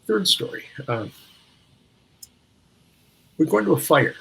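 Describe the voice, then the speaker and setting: A man's voice: fairly high pitch, big pitch swings, slow pace, vocal fry, fairly bright tone, husky, rough recording. An older man from Minneapolis, a guest on an interview show, recalling stories reflectively and searching for words with frequent restarts. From Minneapolis, USA. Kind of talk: reflective storytelling.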